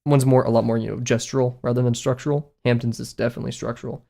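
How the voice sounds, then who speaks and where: A man's voice: medium pitch, little pitch movement, fast talker, creaky, mellow. A young man chatting casually to his viewers while drawing on a live stream, rambling and poking fun at himself. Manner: rambling and self-mocking, talks to chat. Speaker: art streamer.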